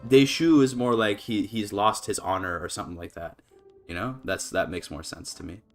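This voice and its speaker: A man with a voice on the low side chats at normal speed through a strategy game on a live stream, soft music in the background. He thinks aloud, stumbling through fillers and restarts, laughing often, his voice springing up whenever he's excited.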